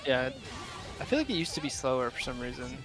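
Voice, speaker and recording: A man giving color commentary on a fighting game tournament from home, relaxed and joking with his partner. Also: mid-range voice, fast, faint music behind. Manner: relaxed, laughs often, joking. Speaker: esports co-commentator.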